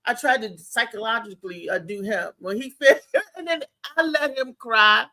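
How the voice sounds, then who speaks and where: A woman co-hosting a casual talk show, telling stories in an animated way with laughs and restarts. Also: on the high side, normal speed. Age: adult with a child. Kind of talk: casual chat.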